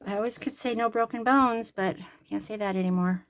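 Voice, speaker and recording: An older woman, a grandmother who makes crafting vlogs, chats casually while sewing a craft at home. Her voice is fairly high and fairly quick, with a little hiss or hum in the background, and she rambles and jokes at her own expense.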